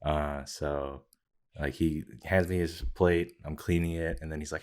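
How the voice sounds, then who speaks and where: Speaking in an extremely low, clear, resonant voice, this young co-host of Filipino heritage, in his twenties, unhurriedly spins a long story during a casual chat. He acts out the quotes with flair and peppers everything with "like".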